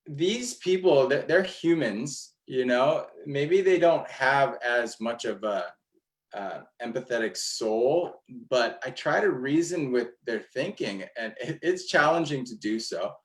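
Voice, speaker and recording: A man's voice: mid-range voice, expressive, slow pace, low-quality recording. A man speaking as an environmental activist in a casual panel discussion, rambling with many restarts and fillers.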